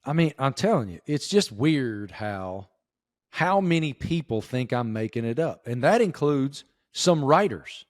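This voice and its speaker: Southern Appalachian man, folksy guest storyteller, mid-pitched, dry close sound. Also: sing-song, a little slow, no echo. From southwestern Virginia. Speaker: guest, sports reporter. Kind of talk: casual interview chat.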